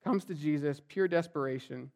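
A man's voice: fairly high pitch, moderate pace, darkish tone. A man preaching a sermon as pastor, talking to the congregation in a conversational way and acting out what people might say. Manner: conversational preaching, acts out quoted voices.

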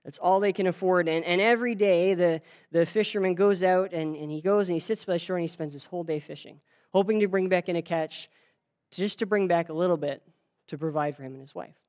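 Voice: medium pitch, a little fast, darkish tone. A preacher tells a story during a sermon in a loose, conversational style. The speaker talks straight to the listeners, often stumbling over words and restarting sentences. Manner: conversational, many restarts and fillers; addresses the audience directly.

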